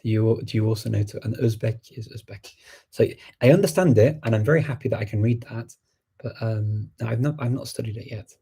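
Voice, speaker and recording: Low gravelly man, chatty. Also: a little fast, warm tone. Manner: chatty, frequent ums and chuckles. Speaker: language learning host. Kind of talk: live stream answering viewer questions.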